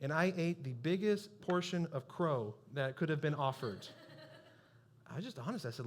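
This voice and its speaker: A man's voice: a little high, very animated, a little fast. A man preaching a sermon as pastor, telling a personal story in a conversational, self-deprecating way.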